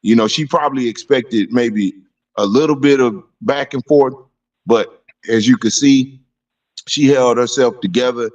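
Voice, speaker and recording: A man calling into a talk show, giving his opinions in a steady, profane way. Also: medium pitch, measured pace. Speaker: caller. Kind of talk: call-in opinion. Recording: muffled distant phone line.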